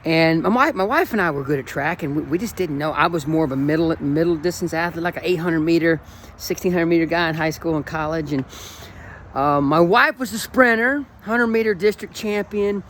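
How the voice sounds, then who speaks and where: A man's voice: on the high side, fairly quick, fairly bright tone, slight background noise. A man in his forties, a running coach, talking in an enthusiastic, emotional and rambling way in a casual motivational vlog. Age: 40s.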